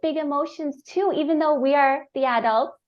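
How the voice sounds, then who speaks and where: A woman's voice: high-pitched, moderate pace, lo-fi sound. A woman hosting a podcast, affirming her guest and laughing often in casual interview chat. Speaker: podcast host.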